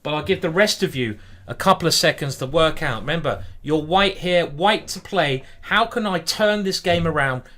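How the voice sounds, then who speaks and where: Chatty chess streamer, higher voice. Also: male voice, lively intonation, normal speed, a bit bright. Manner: chatty, greets viewers by name, lots of ums. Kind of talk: casual live-stream commentary.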